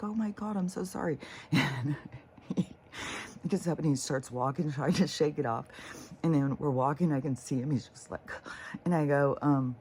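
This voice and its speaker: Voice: medium pitch, a little mellow, a little hiss or hum. A vlogger telling a story casually to the camera, swearing freely and laughing along the way.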